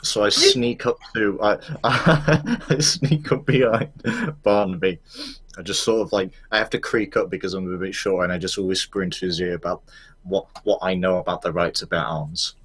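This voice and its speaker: A man playing a tabletop game, talking playfully with a husky voice. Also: low voice, normal speed, a bit bright. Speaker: player.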